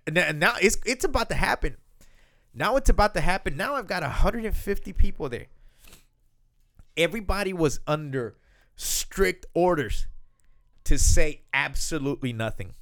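Animated man swearing through a story. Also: fairly high pitch, moderate pace. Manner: animated, swearing, laughing storyteller acting out quotes. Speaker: husband telling wedding story. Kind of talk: casual chat.

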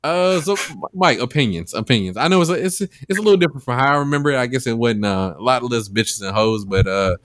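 A man's voice: mid-range voice, animated, fast talker, hardly any pauses, fairly bright tone, no echo. A man hosting a podcast, chatting casually and rambling with lots of fillers as he retells a story. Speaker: podcast host. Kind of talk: casual chat.

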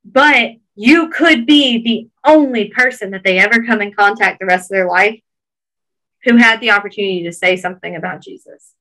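A woman's voice: medium pitch, normal speed, pushed and bright, rough recording. A woman with a Georgia Southern accent, earnestly encouraging listeners in a casual podcast chat.

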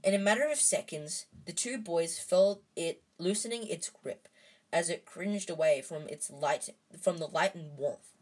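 A woman reads a storybook aloud in an unpolished way, stumbling, restarting often and saying "um" a lot. Her voice is lowish, husky and darkish in tone, and the recording is rough.

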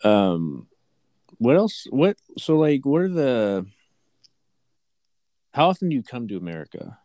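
A man interviewing casually, asking relaxed, curious questions. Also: medium pitch, measured pace, dry recording. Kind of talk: casual conversation.

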